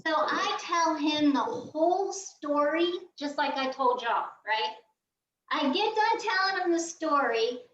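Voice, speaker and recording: Woman, high voice, lively storyteller, roomy distant sound, dull video call audio. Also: measured pace, a little hiss or hum. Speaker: guest quilter. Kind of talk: animated storytelling.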